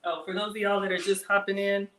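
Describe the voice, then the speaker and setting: A woman hosting a casual live cooking stream from her kitchen, chatty and excitable, talking straight to her viewers as she cooks. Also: medium pitch, fast, background noise. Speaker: cooking livestream host. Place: home kitchen.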